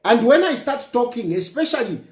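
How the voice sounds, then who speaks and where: A man's voice: very high voice, sing-song, a little fast. A man delivering an impassioned political rant, emphatic and taunting, hammering points home by repeating them. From Zambia. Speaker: political commentator. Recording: roomy echo.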